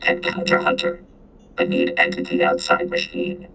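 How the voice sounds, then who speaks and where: A man's voice: completely flat delivery, moderate pace, bright, forceful tone, soft background music, exaggerated voice. A man voicing an ancient sentient vending machine that speaks in clipped, broken phrases through a synthesized, multitonal robotic voice. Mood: ominous. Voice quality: deep, gravelly, multitonal whining.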